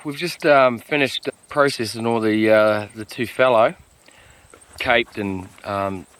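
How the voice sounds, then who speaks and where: A man talking to camera during a mountain hunt, relaxed and chatty, with plenty of ums and uhs, recorded outdoors on a steep slope. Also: fairly low pitch, takes it slowly, smooth, no echo, rough recording. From Australia. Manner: relaxed, chatty, lots of filler words. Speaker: hunter filming a hunt. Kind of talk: casual on-camera hunting vlog.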